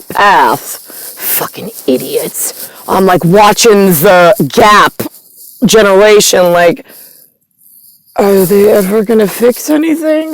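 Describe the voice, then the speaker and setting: Slow, gravelly woman rambling. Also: mid-range voice, darkish tone, dry recording. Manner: disjointed, meandering, full of fillers and stray foreign words. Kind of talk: rambling monologue.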